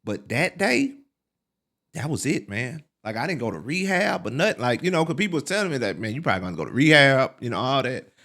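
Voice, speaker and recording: A middle-aged man, a podcast guest, telling his life story in a casual, animated way, full of fillers like "man" and "like". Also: a little fast. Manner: relives quotes with sharp pitch leaps.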